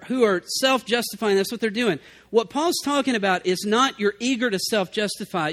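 Middle-aged male pastor, high voice, conversational sermon delivery. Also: fairly bright tone. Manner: conversational, acts out quoted excuses.

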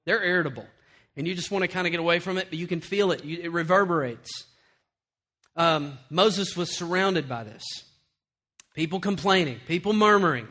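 A middle-aged man preaching with a high, bright, forceful voice. He tells lively stories and acts out the lines of others, then sinks into quiet, earnest emphasis. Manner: animated storytelling, acts out quotes, then drops to quiet earnest tones. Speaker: pastor. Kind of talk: sermon.

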